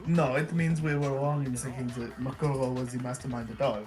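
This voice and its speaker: A cold, haughty rich schoolboy who speaks in a measured, superior tone, as a player reads him out. He is delivered from a game script in a mid-pitched voice. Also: fairly even intonation, over music, close to an everyday voice. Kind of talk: reading a game aloud in character.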